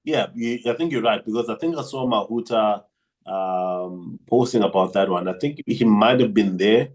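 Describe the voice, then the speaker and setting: A man's voice: lowish voice, normal speed, darkish tone, poor audio. A man co-hosting a music podcast, talking casually and hesitantly with frequent restarts. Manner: hesitant, many restarts and fillers. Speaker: podcast co-host. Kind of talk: casual chat.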